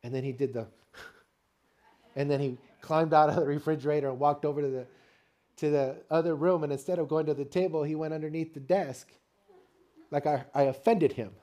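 Warm-voiced preaching grandfather. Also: fairly high pitch, moderate pace, long pauses. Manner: animated storytelling preacher with call-and-response. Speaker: pastor. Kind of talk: sermon.

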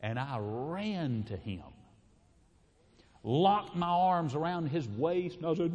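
A middle-aged man preaches in a homespun, storytelling way. His voice rises and falls in a lively sweep, with easy chuckles. The sound carries a long reverb from a large hall. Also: a little high, slow pace, muffled recording. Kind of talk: folksy sermon storytelling.

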